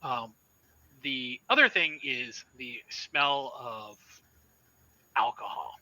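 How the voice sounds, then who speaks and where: A man's voice: mid-range voice, lively intonation, slow, pushed and bright, dry recording, poor audio. A man narrating a sci-fi horror tabletop game as game master, casual and loose with fillers.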